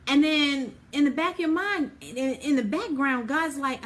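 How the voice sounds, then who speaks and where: A woman's voice: high-pitched, animated, moderate pace. A woman giving an informal Bible lesson in a chatty, everyday way, full of "you know" and "like", acting out little scenes. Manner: acts out everyday scenes with quoted dialogue. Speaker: Bible teacher.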